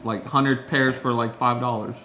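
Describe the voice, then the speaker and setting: A man's voice: mid-range voice, steady tone, moderate pace, sharp tone, reverberant, a little hiss or hum. A man co-hosting a podcast, chatting in a laid-back, casually profane way. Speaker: podcast co-host. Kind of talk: casual chat.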